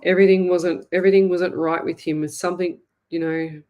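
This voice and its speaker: An Australian woman hosting a live psychic reading, speaking in a sympathetic, halting way and repeating herself often. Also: on the low side, fairly even intonation, highs cut off. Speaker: psychic medium host.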